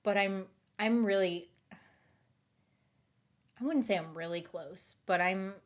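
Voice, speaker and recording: A woman with a light Southern accent talks casually to her viewers. Her speech rambles and she keeps correcting herself mid-sentence. Her pitch sits in an ordinary middle range. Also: slow pace. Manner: rambling, chatty, self-correcting with restarts. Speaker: YouTube host. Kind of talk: casual chat.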